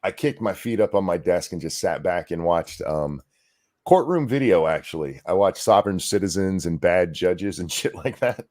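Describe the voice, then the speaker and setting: A man's voice: sits low, expressive, normal speed, darkish tone. A man hosting a casual podcast, telling stories in a laid-back way and swearing freely. He is sore and short on sleep. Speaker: podcast host. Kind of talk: casual chat.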